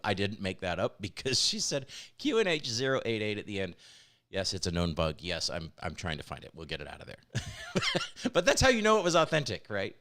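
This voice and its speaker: A man runs a casual weekly developer live-cast, sharing news with open enthusiasm and frequent laughter. His voice sits slightly low, and his talk is loose and conversational. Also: fairly bright tone. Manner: enthusiastic, chatty, laughs often. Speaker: developer hosting a weekly livestream.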